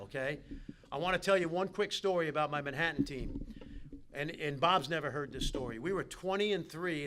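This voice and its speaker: Animated New man giving a speech. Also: mid-range voice. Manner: animated storyteller, talks straight to the players. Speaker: keynote speaker. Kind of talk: motivational dinner speech. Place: banquet hall.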